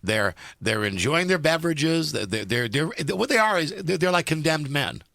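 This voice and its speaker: Bright-voiced guy hosting talk radio, rambly and sarcastic, dry studio mic. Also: on the high side, lively intonation, normal speed, creaky, dry recording. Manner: rambling, sardonic, hops between topics. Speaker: radio talk show host. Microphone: studio microphone, dry.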